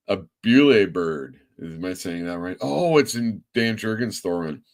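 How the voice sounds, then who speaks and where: Chatty low-voiced comic shop host. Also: male voice, expressive, normal speed, gravelly. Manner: chatty, self-mocking, mild exclamations. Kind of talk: casual livestream talk.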